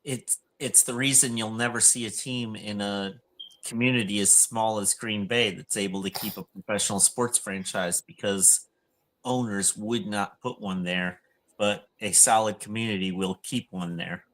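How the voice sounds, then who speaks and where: Low-voiced man, measured co-host. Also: fairly even intonation, a bit bright. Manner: measured, explanatory, with fillers. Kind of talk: casual chat.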